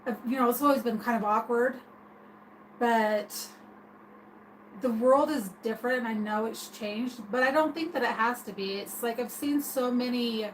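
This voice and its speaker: A woman's voice: fairly high pitch, a little hiss or hum, rough recording. A woman streaming a casual opinion rant, rambling and hesitant with many restarts. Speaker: streamer talking to viewers.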